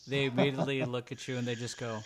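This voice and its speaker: A man's voice: medium pitch, level tone, fast talker, a loud crowd. A man running a tabletop role-playing game as game master, narrating scenes and speaking for characters.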